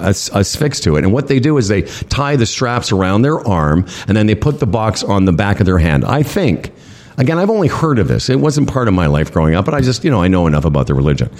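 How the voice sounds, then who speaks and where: A man casually telling a story among friends, animated and laughing, acting out what others said. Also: fairly low pitch, brisk. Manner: animated, laughing storyteller with lively voiced quotes. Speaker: podcast co-host telling a travel story.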